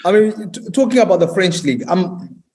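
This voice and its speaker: Casting note: South African male co-host in his forties, slightly high voice, provocative and opinionated. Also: expressive, brisk, darkish tone, low-quality recording. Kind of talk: casual chat.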